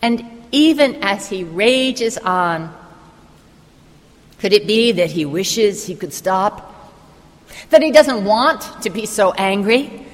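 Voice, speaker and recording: A woman's voice: a little high, a bit bright, in a large hall. A woman preacher giving a sermon as a vivid, imaginative retelling of a story.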